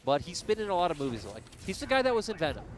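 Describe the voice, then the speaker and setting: A man talks fast and animatedly in casual caster banter, his fairly high voice leaping around in pitch. He leans on fillers, and faint music sits behind him. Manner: rapid, animated, laughs, says 'like' a lot. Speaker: esports caster.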